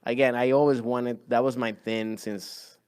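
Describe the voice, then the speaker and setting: A young man from Venezuela with a Spanish accent, a comedian telling stories in a rambling, animated way on a podcast. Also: mid-range voice, a little slow, smooth. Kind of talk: casual chat.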